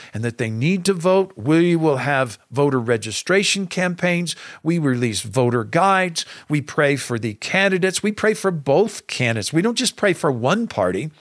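Earnest preaching pastor, dry close sound. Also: male voice, on the high side, a bit bright, no echo. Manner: earnest and emphatic, preacher cadence. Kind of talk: podcast talk to fellow pastors.

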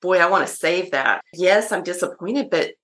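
A woman hosting an interview, asking questions in a lively way and laughing along with her guest. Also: lowish voice, moderate pace. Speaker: interviewer host. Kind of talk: casual interview conversation.

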